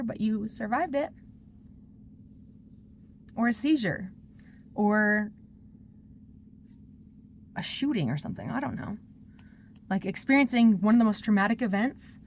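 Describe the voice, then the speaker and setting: A woman's voice: fairly high pitch, expressive, measured pace, pauses often, a little hiss or hum. A woman talking through her personal struggles in a confessional vlog, rambling and emotional as she vents. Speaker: vlogger.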